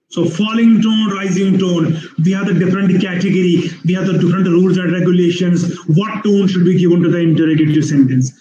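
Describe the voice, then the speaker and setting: A male lecturer with an Indian English accent and a high voice that stays mellow. He explains patiently, repeating himself and restarting sentences. His webinar audio sounds muffled and roomy. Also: steady tone, fairly quick, hardly any pauses, slight background noise. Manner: repetitive, explanatory, many fillers and restarts. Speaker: university lecturer.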